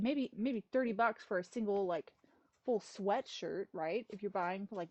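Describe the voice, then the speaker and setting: A woman's voice: mid-range voice, unhurried, darkish tone. A woman streamer chatting casually and rambling through a list, with exasperated little rants. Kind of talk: casual livestream chat.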